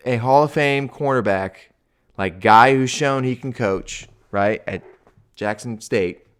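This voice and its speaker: A man's voice: fairly low pitch, smooth. A man, a swim coach hosting a show, giving casual sports commentary in a loose, slangy way that grows heated. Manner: casual, heavy with "like" and "dude", grows heated and ranting.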